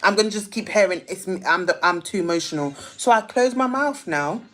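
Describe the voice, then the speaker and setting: Ranting on a livestream, a woman speaks emphatically and keeps repeating herself in a heated tirade. Her voice is mid-range, a little fast and somewhat bright.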